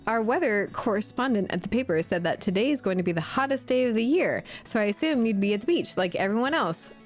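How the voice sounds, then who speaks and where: Quick-talking friendly local, apologetic and chatty, voiced plainly by a woman. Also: medium pitch, lively intonation, faint music behind, natural voice.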